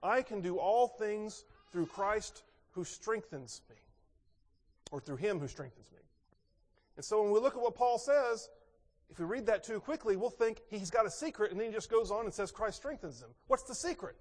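High-voiced man preaching in a hall. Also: a little fast. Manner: expressive, rhetorical questions, swings between loud and soft. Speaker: pastor. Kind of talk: sermon. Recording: long reverb in a large hall.

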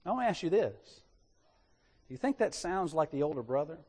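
A man preaching a sermon in an animated way, putting rhetorical questions to his congregation. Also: fairly high pitch, a little fast, husky, long reverb tail.

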